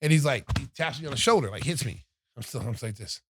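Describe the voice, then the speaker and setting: A man's voice: mid-range voice, quick pace, slightly rough, no room sound, studio quality. A middle-aged man hosting a podcast, telling a story in casual chat and acting out what others said. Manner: animated storyteller, acts out quotes of others. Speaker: podcast host.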